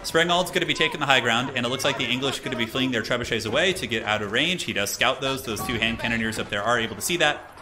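A man giving casual, excitable live commentary on a strategy game tournament, chatting with his stream viewers as he goes. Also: mid-range voice, fast talker, over music. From United States. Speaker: tournament caster.

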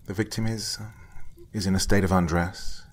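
A man voicing a nervous young police officer who hesitates and stumbles over his words, with a husky tone. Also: deep voice, fairly even intonation, moderate pace. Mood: hesitant. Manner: hesitant, flustered, trailing fillers.

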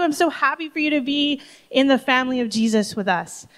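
A woman's voice: high voice, fairly quick, fairly bright tone. A woman who directs a summer camp, telling a heartfelt story with emotion at a church service. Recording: long hall reverb.

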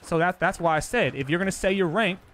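A man's voice: high-pitched, fast talker, fairly bright tone. A young man live-streaming a football video game, talking to his chat in a brash, profane, defensive way and boasting about his ranking.

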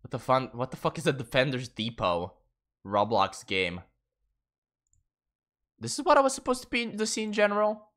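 A man's voice: medium pitch, sing-song, normal speed, pauses often, a bit bright. A man streaming a game in casual, profane commentary, laughing and getting sidetracked. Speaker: gaming streamer.

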